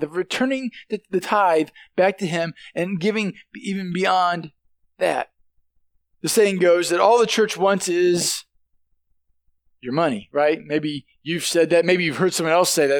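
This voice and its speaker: High-voiced preacher, casual and halting. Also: male voice, no echo, studio quality. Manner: halting, with many restarts and "right?" asides to the congregation. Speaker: pastor. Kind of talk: sermon.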